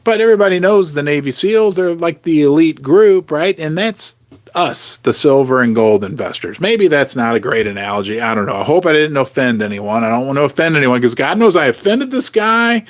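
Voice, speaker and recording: A male host in a loose, jokey livestream chat. His voice sits high for a man and swings widely in pitch, and he stays animated while he riffs on viewer comments. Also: fairly quick.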